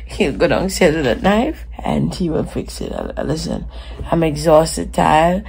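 A woman vlogger chatting casually and excitedly straight to her viewers. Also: deep voice, unhurried, gravelly, low-quality recording. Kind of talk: casual vlog chat to viewers.

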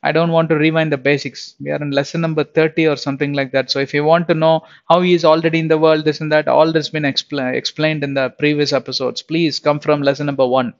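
A man's voice: a little high, level tone, fast, hardly any pauses, dull audio. A man giving an informal Bible lesson, chatty, often laughing and repeating himself. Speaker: Bible teacher.

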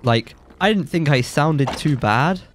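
A man's voice: a little high, unhurried, slight background noise. Young man with a stuffy, blocked nose. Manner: excitable, jokey boasting, yelps when surprised. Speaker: gaming YouTuber. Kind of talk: let's play commentary.

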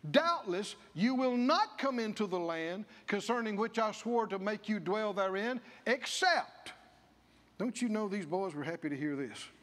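Male pastor, folksy sermon delivery, high animated voice. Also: normal speed, hardly any pauses, in a large hall. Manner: folksy, acts out the people's grumbling in character voices. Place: church.

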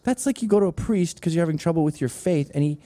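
A man's voice: a little high, lively intonation, quick pace, dark tone, no echo. A man in his forties hosting a show, delivering a profane, sarcastic comedic rant. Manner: profane, sarcastic, acts out quoted voices. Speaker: show host.

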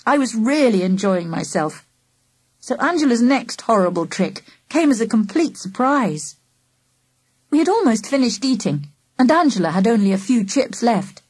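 Husky woman reading a children's story. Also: a little high, big pitch swings, moderate pace, a little mellow, no room sound. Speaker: audiobook narrator. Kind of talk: storybook narration in first person.

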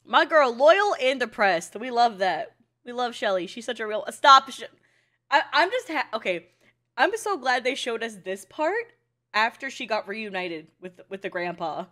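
Young woman anime reactor, high and very lively voice, excitable and foul-mouthed. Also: moderate pace. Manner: excitable, swears, laughs often, shrieks when shocked. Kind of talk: casual reaction commentary.

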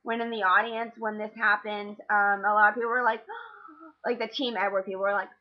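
A teenage girl vlogging a casual movie review, rambling and excitable with lots of fillers. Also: mid-range voice, a little fast, highs cut off. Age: teens.

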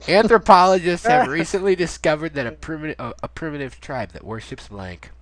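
A man's voice: on the high side, fairly quick. A young man hosting a casual online card game, teasing his friends and laughing as he reads cards aloud. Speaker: channel host. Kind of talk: casual gaming chat.

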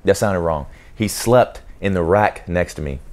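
A young man and Navy sailor talking casually to camera, telling stories with animated energy and speaking directly to viewers. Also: low-pitched, unhurried. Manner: animated, acts out shouted commands mid-story; talks straight to viewers with repeated "okay?".

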